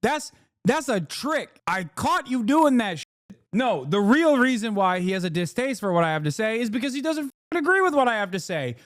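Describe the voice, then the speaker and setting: A man hosting a live stream, reacting to clips and talking back to his chat in a sarcastic, profane, animated way. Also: very high-pitched, moderate pace, no echo. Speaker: livestream host.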